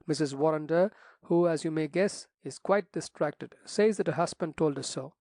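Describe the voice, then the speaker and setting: A man's voice: a little high, normal speed, a little mellow, no echo, clean studio sound, natural voice. A man voicing a fussy, flustered elderly country rector who exclaims and frets.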